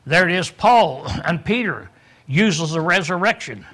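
A man preaching a verse-by-verse Bible lesson in a high, bright voice. He clears his throat often as he goes. He acts out the quoted speakers to make his points. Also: expressive, unhurried. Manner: teaching tone, acting out quoted lines, frequent throat clearing. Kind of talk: sermon, verse-by-verse Bible teaching.

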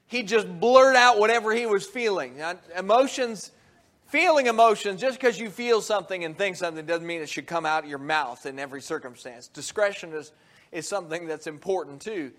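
A high-voiced preacher gives an animated sermon, getting loud and quick when acting out quotes and dropping low and quiet on solemn points. He restarts his sentences often and chuckles between points.

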